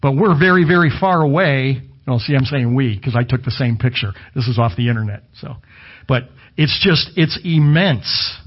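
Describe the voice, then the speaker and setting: A man's voice: medium pitch, moderate pace, breathy edge, dull audio. A middle-aged man preaching a sermon in a conversational way, with asides and self-corrections. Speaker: pastor. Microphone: camera video with slides behind him.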